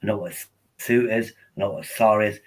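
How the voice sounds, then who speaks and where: Older streamer, husky low voice, rambling friendly chatter over a laptop mic. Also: male voice, fast talker, poor audio. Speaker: live-streamer. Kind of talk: casual live-stream chat.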